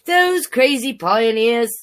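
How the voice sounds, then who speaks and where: A grumpy male koala voiced by a woman protests in a put-on Australian accent, swinging his pitch up and down like a singsong picture-book reading. He takes his time, leaning on each rhyming line as he sulks about being called a bear. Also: lively intonation, slow. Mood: indignant. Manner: indignant, sing-song rhyming storybook reading.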